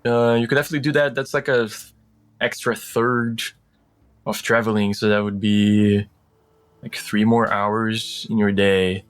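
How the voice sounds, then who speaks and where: A man's voice: on the low side, fairly even intonation, unhurried. A man narrating as game master in a casual, rambling way with many fillers.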